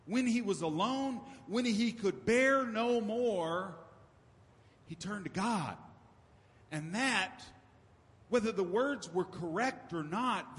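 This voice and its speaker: Higher-voiced male preacher in a reverberant hall. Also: fairly bright tone. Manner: conversational preaching with emphatic repetition. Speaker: pastor. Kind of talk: sermon.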